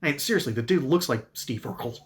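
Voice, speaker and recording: A man's voice: mid-range voice, animated, fast talker. A man giving sarcastic, mocking political commentary in an opinion monologue. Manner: reads ad copy.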